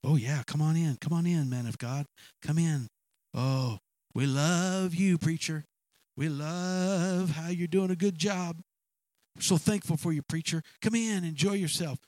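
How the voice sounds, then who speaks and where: A man preaching, acting out an indignant king who shouts in outrage. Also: measured pace, no room sound, close to an everyday voice. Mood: welcoming. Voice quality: shouting, rising high. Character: proud king, angry and indignant.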